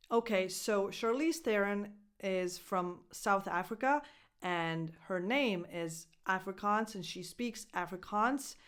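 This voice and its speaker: Woman pronunciation coach, Italian native speaker, very slow careful delivery, repeats each word. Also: mid-range voice, fairly bright tone, smooth. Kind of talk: pronunciation lesson.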